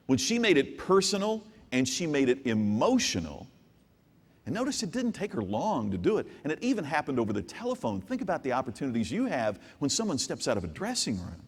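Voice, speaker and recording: A man giving a live keynote speech, telling a story and swinging from hushed asides to loud outbursts. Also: medium pitch. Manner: animated storyteller with big swings from hushed to shouting. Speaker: keynote business speaker. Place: large hall with an audience. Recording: long hall reverb.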